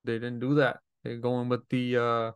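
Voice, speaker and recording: A man's voice: mid-range voice, monotone, moderate pace, clean tone, no room sound. A man giving a casual, rambling recap of a wrestling show, retelling each scene with paraphrased quotes and lots of fillers.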